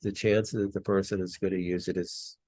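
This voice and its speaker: A man hosting a casual interview, speaking relaxed with frequent restarts. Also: deep voice, moderate pace, no room sound. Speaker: host.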